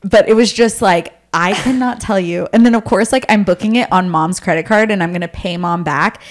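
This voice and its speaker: Young woman co-hosting a podcast, rambling funny family stories, quick talker, swears a lot. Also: medium pitch. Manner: fast storytelling, swearing, mimics her parents. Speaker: podcast co-host. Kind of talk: casual chat.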